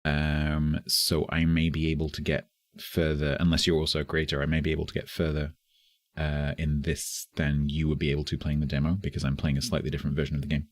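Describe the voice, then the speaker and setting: A man's voice: extremely low pitch, completely flat delivery, brisk, no echo, clean studio sound. A man streaming a game live, chatting casually and chuckling as he thinks aloud. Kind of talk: casual live gameplay commentary.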